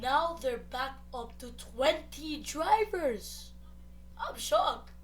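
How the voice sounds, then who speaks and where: Super high-pitched girl calling races, goes from mumbling to yelling, slow delivery. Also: lively intonation, a little hiss or hum. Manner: swings from muttering asides to shouted play-by-play. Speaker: race commentator. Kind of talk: excitable sim-racing commentary.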